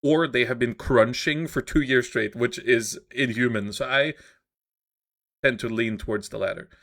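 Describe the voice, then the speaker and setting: A man's voice: medium pitch, normal speed, a bit bright. A man co-hosting a gaming podcast, giving opinions in casual chat with frequent fillers. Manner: opinionated, hesitant with many uh fillers. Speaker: podcast co-host.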